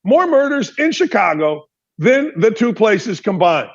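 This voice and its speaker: A man's voice: sits high, sing-song, a little slow, husky, lo-fi sound. A man from Indiana hosting a sports talk show, delivering an emphatic opinion monologue full of rhetorical questions.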